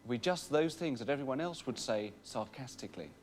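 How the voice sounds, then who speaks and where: A man's voice: mid-range voice, animated, brisk, a little hiss or hum. A man narrating a comic sketch in a mock-serious tone. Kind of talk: scripted narration.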